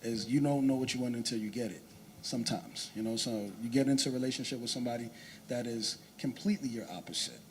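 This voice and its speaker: A man on a church panel talks in a casual, conversational way at a middle pitch. There is a faint noise behind him, and he leans on easy fillers as he makes his point. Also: fast talker, darkish tone. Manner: casual, conversational, many "you know".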